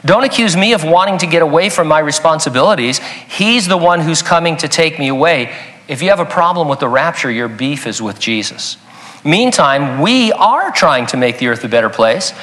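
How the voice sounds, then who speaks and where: A man's voice: a little high, expressive, normal speed, a bit bright. A man preaching a sermon in a conversational, emphatic way with joking asides. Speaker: pastor.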